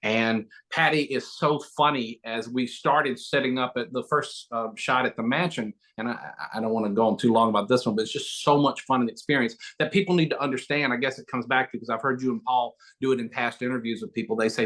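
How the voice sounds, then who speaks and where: A middle-aged man, an actor and auctioneer, telling quick, joking stories as an interview guest on a video call. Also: medium pitch, fairly even intonation, a bit bright. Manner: fast, name-dropping, joking. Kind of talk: animated interview storytelling.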